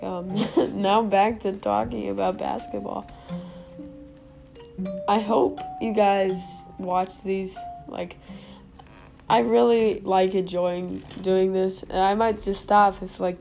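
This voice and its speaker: A young woman rambles through a casual solo podcast from home, mocking herself as she goes. Her voice has a creaky vocal fry, and faint music plays underneath. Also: mid-range voice, fairly even intonation, slow. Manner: rambling, self-mocking, giggly asides. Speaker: podcast host.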